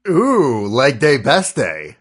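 A man's voice: mid-range voice, huge pitch swings, slow, a bit bright. A man rambling through crude jokes in a casual comedy podcast chat.

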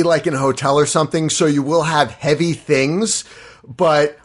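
Rambling man, slightly high voice. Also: fairly bright tone. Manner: rambling, heavy use of "like". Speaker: podcast host. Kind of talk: casual chat.

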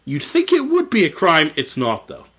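A man's voice: a little high, huge pitch swings, normal speed, fairly bright tone, breathy edge, heavily acted. A man voicing a group of bored ancient gods who shrug off responsibility. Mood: dismissive.

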